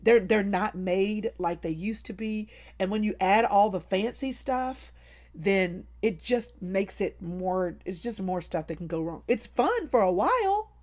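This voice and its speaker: A woman hosting a casual live stream from home, talking to viewers in an animated, playful, over-the-top way. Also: mid-range voice, measured pace.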